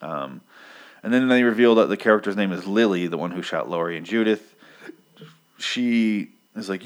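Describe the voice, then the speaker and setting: A man casually recapping a comic book issue, rambling, swearing freely and filling pauses with "um". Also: low-pitched. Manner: rambling, profane, lots of ums.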